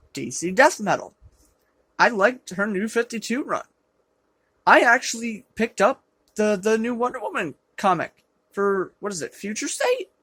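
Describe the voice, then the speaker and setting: A film reviewer ranting through a sarcastic movie review, exasperated and prone to loud outbursts, with a voice they call rough, recorded on a low-quality camera. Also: dry recording. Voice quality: self-described rough voice.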